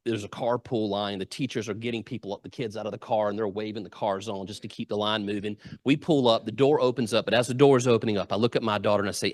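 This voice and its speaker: A man's voice: fairly low pitch, fast talker, few pauses, dry recording, clean studio sound. A middle-aged man, giving a humorous storytelling speech and acting out the quotes. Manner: lively anecdotal storyteller, acts out quotes. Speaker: guest speaker. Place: club meeting room.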